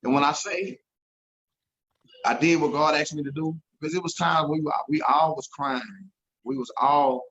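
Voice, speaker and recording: A man's voice: on the high side, fairly even intonation, normal speed, a bit bright, dull audio. A man telling an emotional story as an interview guest, earnest and repeating himself when moved.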